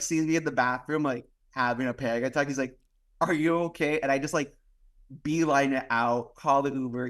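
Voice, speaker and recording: On a podcast mic, a young Miami guest with a slightly high, somewhat bright voice tells a rambling personal story. He leans heavily on "like," performs the quoted dialogue, and lets the odd curse slip in this casual conversation.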